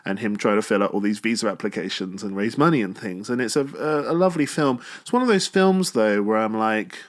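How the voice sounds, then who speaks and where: A man giving a casual spoken film review, chatty and animated, with a self-mocking streak. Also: fairly low pitch, a little fast.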